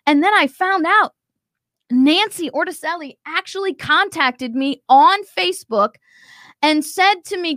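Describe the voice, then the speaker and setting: A woman's voice: very high-pitched, animated, measured pace, fairly bright tone, no room sound. A woman hosting a commentary show, talking emphatically and acting out quotes as she reacts to a video. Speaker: show host.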